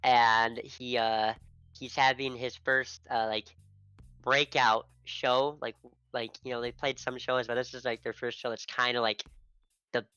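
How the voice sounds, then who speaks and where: Bright, crisp-voiced man rambling playfully. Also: mid-range voice, level tone, a little slow, no room sound, soft background music, rough recording. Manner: rambling, self-mocking, playful. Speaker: player. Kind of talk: casual chat about a tabletop game.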